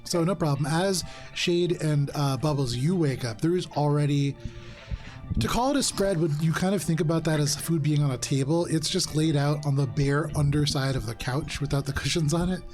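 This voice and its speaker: A man narrating a tabletop game as game master, describing scenes in a relaxed, descriptive way with frequent fillers. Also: on the high side, moderate pace, faint music behind.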